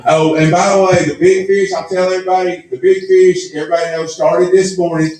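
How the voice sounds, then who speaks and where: A man's voice: high-pitched, level tone, a little fast, a little mellow. A man hosting an awards show, telling a long self-mocking story and acting out the dialogue. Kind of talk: live storytelling to an audience. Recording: echoey room, mic at a distance.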